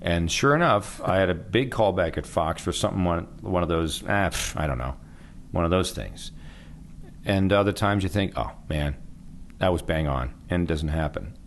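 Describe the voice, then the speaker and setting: A man's voice: low-pitched, expressive, normal speed, creaky, slight background noise. A middle-aged man, a voice actor, chatting casually in an interview and rambling with frequent trailing off. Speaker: voice actor guest.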